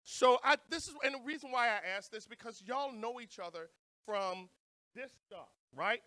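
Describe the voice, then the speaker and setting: A man's voice: extremely high pitch, moderate pace, sharp tone, no room sound, clean studio sound. Upbeat New Orleans man emceeing. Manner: playful, joking banter with the crowd. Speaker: conference emcee. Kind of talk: hyping up a live audience.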